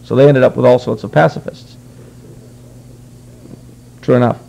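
A man with a heavily gravelly, creaky voice talks through history like a lecture in conversation. He explains at length in an earnest tone and drops dry, wry asides along the way. His pitch sits in an ordinary middle range for a man. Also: steady tone, moderate pace, warm tone, muffled recording. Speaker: guest speaker.

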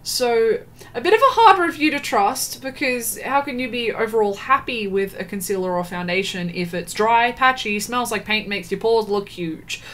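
A woman's voice: fairly high pitch, moderate pace, fairly bright tone. A woman doing casual commentary, exasperated and sarcastic, swearing freely and laughing often. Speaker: beauty commentary YouTuber.

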